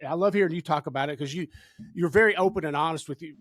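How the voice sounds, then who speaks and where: A man's voice: on the high side, fast, fairly bright tone. A man with a Kentucky accent hosting a podcast, talking in a frank, folksy, casual way. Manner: folksy, frank, calls guest bro and brother. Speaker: podcast host.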